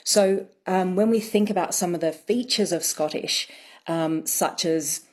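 A woman accent coach, a guest on a radio show, explaining things in a measured way with frequent ums. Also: on the low side, a little mellow, breathy edge.

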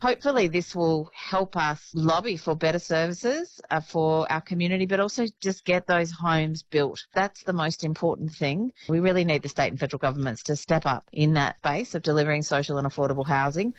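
Female mayor, low-pitched, muffled dry news grab. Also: brisk, hardly any pauses, no room sound. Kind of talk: news interview clip. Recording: dull lo-fi clip.

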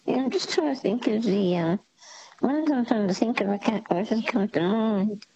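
A woman's voice: a little high, normal speed, dark tone, highs cut off, slight background noise. A woman calling in to a radio quiz, hesitant and thinking aloud, with many fillers. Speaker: caller. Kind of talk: phone-in quiz caller.

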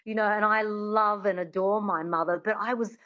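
A woman, a dialect coach explaining in an interview and demonstrating sounds slowly and precisely. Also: medium pitch, fairly even intonation, muffled recording. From Australia. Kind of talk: conversational interview, teaching.

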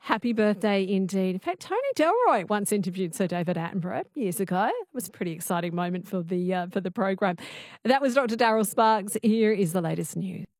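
A woman's voice: medium pitch, expressive, fairly quick, a little mellow, no echo, clean studio sound. Woman hosting live radio. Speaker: radio host. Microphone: studio microphone.

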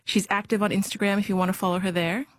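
A woman hosting a radio interview, asking gentle, measured questions and reading the closing notes. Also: mid-range voice, little pitch movement, no echo. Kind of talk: broadcast interview and outro.

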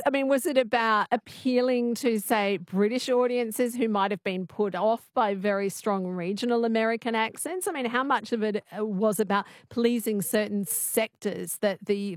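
A woman radio host guides an interview in a measured, conversational manner and reads out listeners' comments. Her voice sounds dry and close, with no room around it. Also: mid-range voice, steady tone, no echo.

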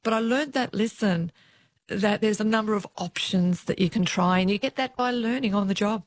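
A woman, a former police officer, telling lively stories about her work in an interview. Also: medium pitch, moderate pace, dry recording. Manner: lively storyteller who acts out the voices of others.

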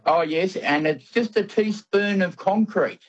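A man calling a talkback radio show, joking deadpan and halting over his words. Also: sits high. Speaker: caller. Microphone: phone. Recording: dull phone line.

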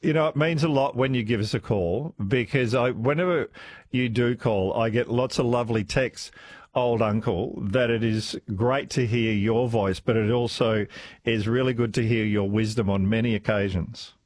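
A man's voice: mid-range voice, fairly even intonation, normal speed, a little mellow, no room sound. A man hosting talkback radio, chatting with callers in a laughing, friendly way. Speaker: radio host.

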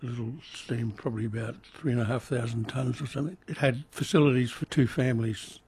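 A man's voice: medium pitch, fairly even intonation, fast talker, noisy background. An older man, recalling his childhood in an oral history interview with dry humour. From Indonesia. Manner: reflective, dry humour, some restarts.

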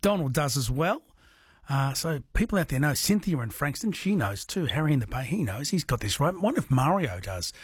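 A chatty man hosting an overnight radio quiz, his voice sitting a little high and carrying a husky edge. He jokes easily with callers, and the sound is close and dry. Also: very animated, brisk, no echo. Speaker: radio host. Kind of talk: late-night radio quiz chat.

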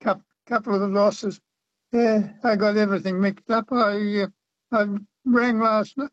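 A man's voice: sits high, flat delivery, a little slow, no echo. A man calling in to a radio quiz, hesitant and unsure, with many ums. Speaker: caller, quiz contestant. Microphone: telephone. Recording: dull phone line.

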